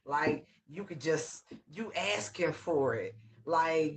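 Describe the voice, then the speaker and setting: A man's voice: a little high, animated, slow. A man giving a casual, channeled tarot reading in loose, slangy, rambling talk full of fillers. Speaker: tarot reader.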